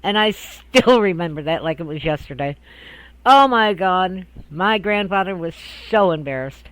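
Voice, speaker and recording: High-voiced older man telling a memory. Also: lively intonation, moderate pace, fairly bright tone, clean tone, no room sound, poor audio. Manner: rambling, laughs often, many restarts. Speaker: storyteller. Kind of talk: casual personal storytelling.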